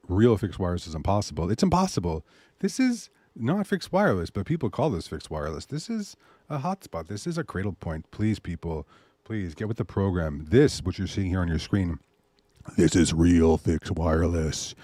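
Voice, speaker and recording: A man hosting a show, pitching his service in a loose, animated way and muttering asides to himself. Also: slightly rough, no echo. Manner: animated salesy pitch, mutters asides while browsing pictures. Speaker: host. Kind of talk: casual promotional talk.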